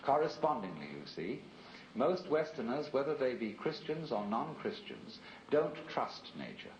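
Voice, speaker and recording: A man delivers a philosophical lecture in a measured, reflective voice, often turning to the listener with rhetorical asides. The archival tape sounds roomy and dull. A faint hiss runs underneath. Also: medium pitch, very animated.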